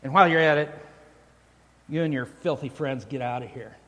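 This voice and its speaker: A man's voice: mid-range voice, brisk, a bit bright, close to an everyday voice. A preacher doing a bragging man at heaven's gate. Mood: boastful. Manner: bragging storyteller. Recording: long church hall reverb.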